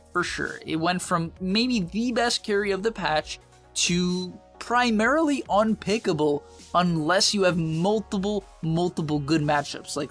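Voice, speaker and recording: A young man in a casual, confident gameplay guide, giving quick, emphatic advice with slang. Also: fairly high pitch, a bit bright. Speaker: game guide presenter.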